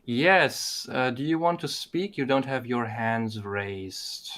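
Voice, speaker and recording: A man's voice: medium pitch, slow, fairly bright tone. A man co-hosting a live stream, reading out viewer questions in a hesitant, stammering way. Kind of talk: casual live-stream chat.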